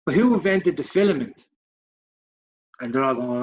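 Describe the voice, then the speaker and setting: A man in his forties with a mid-range voice and big pitch swings talks at normal speed while co-hosting a casual podcast. Heated and sweary, he mocks others in put-on voices, recorded in dull lo-fi podcast sound.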